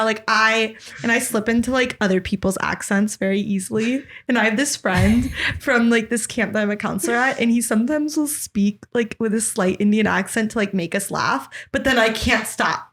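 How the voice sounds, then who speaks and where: A young adult woman hosting a podcast in casual chat, animated and laughing often, with many fillers of "like". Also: a little high, brisk, few pauses. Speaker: podcast host.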